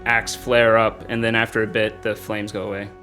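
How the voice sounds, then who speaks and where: A man narrating a tabletop game as game master in a relaxed, conversational way. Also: lowish voice, moderate pace, soft background music.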